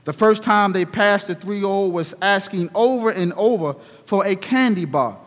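Male pastor, sermon, unhurried storyteller; high voice, long church echo. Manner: slow, deliberate storytelling. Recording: reverberant hall.

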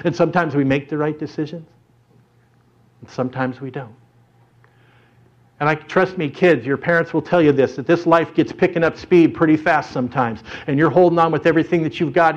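A man preaching a sermon through an animated story in front of a congregation, dramatically shifting his voice as he tells it. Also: medium pitch. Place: church or hall with an audience. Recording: dull lo-fi recording.

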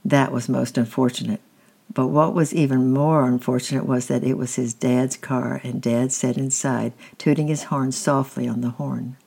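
A reader gently reading a children's chapter book aloud, with small slips and restarts. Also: medium pitch, little pitch movement, moderate pace, creaky, slightly rough. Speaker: storybook reader.

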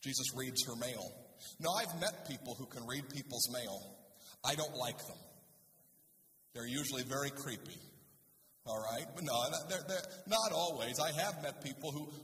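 Man, pastor, sermon, rhetorical questions, fairly high voice, distant from the mic. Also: animated, moderate pace, a bit bright. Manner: conversational preaching with rhetorical questions. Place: church sanctuary. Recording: echoey hall, speaker far from mic.

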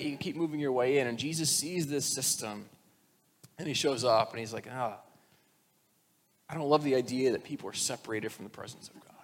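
This is a mid-range male voice with a long reverb tail, belonging to a pastor giving a sermon. He keeps it conversational, performs the voices of the people he quotes, and sinks to a near-whisper for emphasis.

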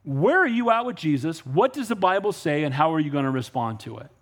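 A man's voice: fairly high pitch, very animated, a little fast. A male pastor preaching a sermon, emphatic and conversational, asking the congregation "Amen?" and acting out exchanges with unbelievers. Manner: emphatic preaching with rhetorical questions and calls of "Amen?"; conversational, acts out dialogue with people he has spoken to.

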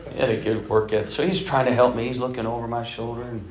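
A man in his fifties preaching a sermon as a bishop, telling stories and swinging between loud emphasis and soft, hushed passages. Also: medium pitch, level tone, fast talker, echoey room. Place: church sanctuary.

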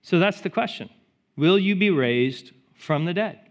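A man preaching a sermon as pastor, rising to loud emphatic peaks and dropping to soft, hushed storytelling. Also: high-pitched, expressive, measured pace. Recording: slightly dull sound with faint music behind.

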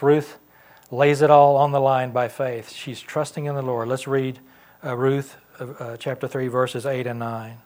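Conversational man teaching a Bible class. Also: medium pitch. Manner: conversational, asks the class questions. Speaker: Sunday school teacher. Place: church classroom.

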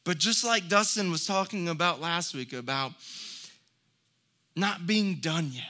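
A man preaching with a high, very bright and forceful voice. He speaks in an unhurried way, earnest and folksy, and his exhortations build in force. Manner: folksy storytelling with light laughs. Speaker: pastor. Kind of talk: sermon.

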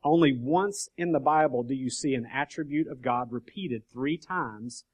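A man's voice: mid-range voice, normal speed, a little mellow, breathy edge. A man leading an informal Bible study, explaining scripture in a conversational way, often checking in with his listeners and restarting his sentences. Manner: conversational, frequent "okay?" check-ins and restarts. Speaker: bible teacher.

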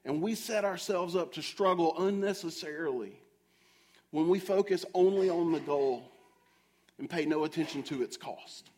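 A man's voice: fairly high pitch, moderate pace, darkish tone. A man preaching a sermon, telling a self-mocking story and asking the audience questions directly.

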